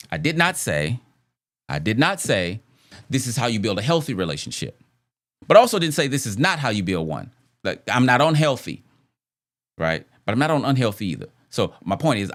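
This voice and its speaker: A man hosting a podcast, speaking casually about relationships with rhetorical questions and frequent repeated phrases. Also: mid-range voice. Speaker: podcast host.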